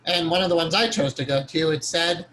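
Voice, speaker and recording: A man leads a meditation lesson in a loose, talky way, doubling back to correct himself mid-sentence. His voice sits a little on the higher side, and there is a faint hiss underneath. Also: fairly quick, sharp tone, low-quality recording. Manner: rambling and conversational, with frequent self-corrections; earnest, chuckles now and then. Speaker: meditation teacher. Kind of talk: informal spoken lecture.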